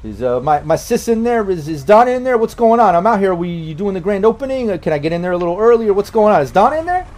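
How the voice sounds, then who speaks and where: A man's voice: sits high, big pitch swings, a little mellow, voice pushed up. A man doing a brash Bronx hustler on the phone. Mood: pushy. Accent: New York. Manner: pushy, fast rapid-fire questions. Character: brash wheeler-dealer man calling from the Bronx.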